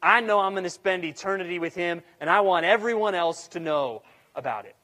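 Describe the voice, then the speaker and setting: A man voicing a cheerful sick churchman who declares his faith in a steady, upbeat way. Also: high voice, a little fast. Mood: confident. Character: joyful sick old churchman, unshaken faith. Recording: long hall reverb.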